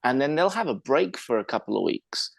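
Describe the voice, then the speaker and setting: An Englishman co-hosting a podcast explains things at length in casual chat, his mid-range, gravelly voice swinging widely in pitch. He talks fairly quickly and chattily, with fillers and restarts. The recording is dry.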